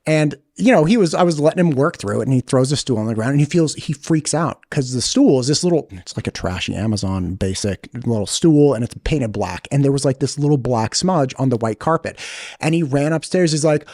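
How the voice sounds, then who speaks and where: A man in his thirties, a podcast host, debating in an animated, conversational way. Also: a little high, a little fast, no echo, clean studio sound. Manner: animated, pushes back, conversational.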